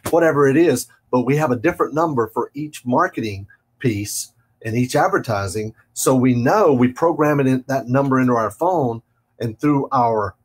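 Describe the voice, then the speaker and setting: A man's voice: medium pitch, normal speed, slightly rough. A man hosting a real estate talk show, chatting casually and laughing easily as he explains selling tips. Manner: relaxed, laughs easily, acts out phone calls. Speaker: podcast host. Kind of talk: casual business chat.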